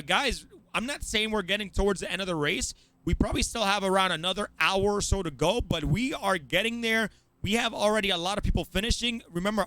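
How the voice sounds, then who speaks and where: A man's voice: high-pitched, bright, forceful tone, no echo, rough recording. A man with a Virgin Islands accent, commentating a live race in a chatty, rambling way. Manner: chatty, rambling, frequent restarts. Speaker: esports commentator.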